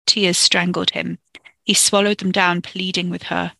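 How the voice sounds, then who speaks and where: A storyteller reading a dark fiction chapter in a steady, measured way into a close microphone. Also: medium pitch, creaky, no echo. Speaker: podcast storyteller. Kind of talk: audiobook-style fiction narration.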